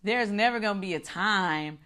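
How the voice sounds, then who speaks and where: A middle-aged woman hosting a casual recap chat, animated and swearing, acting out her own reactions. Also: mid-range voice, moderate pace. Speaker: show host.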